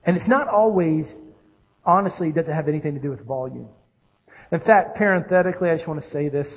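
A man, a pastor with children, preaching a sermon with animated swings between loud calls and hushed lows. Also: fast talker, husky, lo-fi sound. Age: adult with children.

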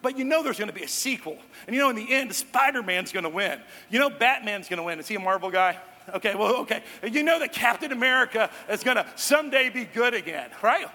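A man preaching to his congregation as pastor, talking in a relaxed way with joking asides to the crowd, recorded in a church hall. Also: high voice, fast talker. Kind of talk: sermon. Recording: long hall reverb.

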